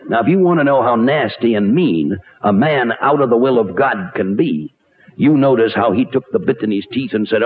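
A man preaching a radio sermon, animated and rhetorical, with wide swings in pitch. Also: brisk. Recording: tinny narrow-band radio recording.

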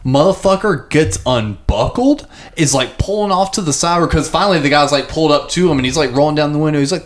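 A man's voice: a little high, a little fast. A man telling a story in a casual chat, acting out the people he quotes.

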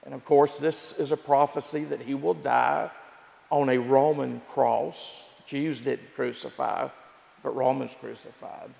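A man preaching a sermon as pastor, telling the story with repeated phrases and dramatic pauses. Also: medium pitch, fairly even intonation, vocal fry, a little mellow. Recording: echoey hall with long reverb.

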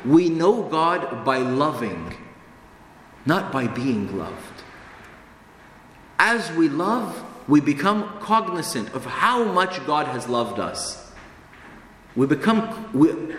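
A man's voice: fairly high pitch, a little hiss or hum. A man preaching a sermon in an earnest, emphatic way, repeating phrases for stress. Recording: echoey hall with long reverb, faint ambience.

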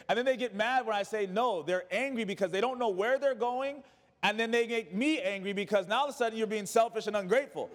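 A man with a high voice preaches a sermon. He swings from urgent, raised lines down to hushed, low ones. His voice rings out with a long reverb, as in a church hall. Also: brisk. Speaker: pastor.

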